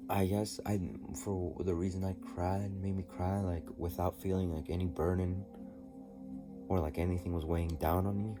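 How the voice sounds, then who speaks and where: A man telling a personal story in a diary vlog, halting and rambling with many restarts. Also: sits low, little pitch movement. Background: music.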